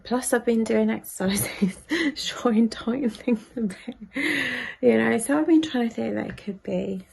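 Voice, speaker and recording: A woman's voice: mid-range voice, steady tone, unhurried, mellow. A woman in her thirties talks to the camera for her vlog, half-whispering and worried. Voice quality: husky, gravelly. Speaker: vlogger. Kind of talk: personal vlog confiding to camera.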